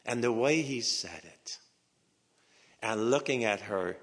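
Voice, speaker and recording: A male pastor preaching a sermon with dramatic delivery, dropping to hushed whispers and rising to emphatic peaks, slow and deliberate with repeated phrases. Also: medium pitch, animated, husky. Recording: long hall reverb.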